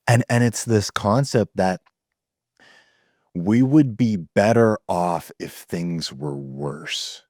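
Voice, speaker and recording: A man being interviewed over a video call who speaks as an earnest, animated storyteller. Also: on the low side, moderate pace, dry recording, clean studio sound. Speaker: guest, men's community founder. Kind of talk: conversational storytelling.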